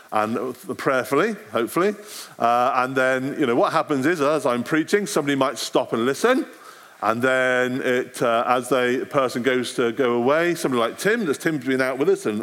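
A middle-aged man, a street evangelist, giving an animated talk to a church audience. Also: medium pitch, moderate pace. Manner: animated, acts out street conversations.

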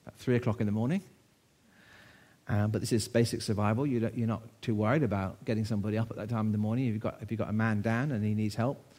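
A man in his sixties from the United Kingdom preaches a sermon to his church, telling a story conversationally and posing rhetorical questions. His voice is medium-pitched and mellow.

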